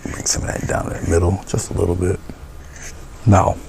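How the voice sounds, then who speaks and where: A deep-voiced man with a gravelly edge walks viewers through a painting, calm and encouraging. His words often sink into soft, half-whispered murmurs as he works, over a faint hum of room noise. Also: normal speed. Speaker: painting instructor. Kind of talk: step-by-step painting tutorial.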